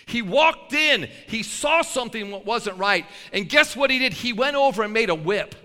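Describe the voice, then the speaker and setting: Male preacher, high lively voice, folksy and fiery, cutting sound with long hall reverb; builds to shouts. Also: a little fast, hardly any pauses. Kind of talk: sermon.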